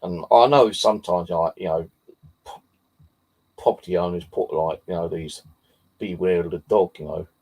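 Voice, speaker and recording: This man, a paranormal vlogger from Bexley in southeast London, shares a rambling anecdote, cursing a lot and leaning on fillers. His deep, husky, gravelly voice has a dark tone, and he speaks at a moderate pace with frequent pauses.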